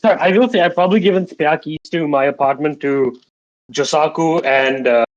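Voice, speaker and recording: A man's voice: a little high, a little fast. A joking man as a tabletop player, chatting casually on a dull mic.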